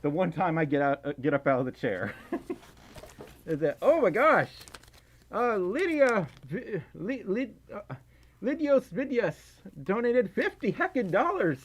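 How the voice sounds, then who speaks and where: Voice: medium pitch, very animated, measured pace, a little hiss or hum. Breathless, giggly livestreamer. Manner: giggly, flustered, stumbling over words. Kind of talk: casual livestream chat reading donations.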